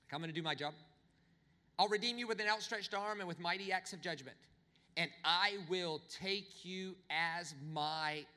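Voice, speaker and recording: A man preaching a sermon, telling humorous stories with animated, swinging delivery. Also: big-room sound. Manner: animated, humorous storytelling with big pitch swings. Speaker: pastor.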